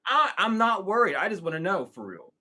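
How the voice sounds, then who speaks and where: A man with a bright, forceful voice that sits a little high holds a loose Q&A session. He jokes and rambles off the cuff, swearing freely. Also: very animated, brisk. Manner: joking, profane, rambling. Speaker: spiritual content creator answering questions. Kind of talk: casual livestream Q&A.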